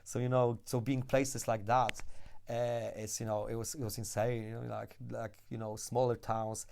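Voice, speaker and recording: A man, a podcast guest, telling lively, swear-laced stories with frequent laughs. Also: mid-range voice, moderate pace, gravelly. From Ukraine. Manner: animated storyteller, swears, laughs often. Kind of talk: casual podcast chat.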